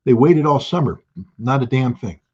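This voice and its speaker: A man giving forceful, sarcastic political commentary as a guest analyst, with a husky voice. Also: medium pitch, moderate pace, dull audio. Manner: forceful, sarcastic, quotes leaders in mock voices.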